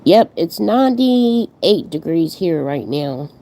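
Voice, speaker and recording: A woman's voice: lowish voice, very animated, takes it slowly, creaky, mellow. A woman hosting a live reaction stream, mocking and swearing back at a clip while greeting her chat. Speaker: commentary streamer host.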